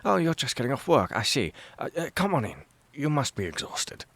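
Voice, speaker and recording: A cheerful middle-aged man from a storybook, friendly and eager, his voice pitched up with excitement, put on by the narrator. The recording is dry. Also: brisk, dry recording, full character voice. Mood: welcoming. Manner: excited, welcoming.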